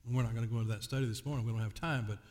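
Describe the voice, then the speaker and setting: A male pastor preaching a sermon, reading scripture aloud and dwelling on key words with slow emphasis. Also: mid-range voice, fairly even intonation, a little mellow. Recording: long hall reverb.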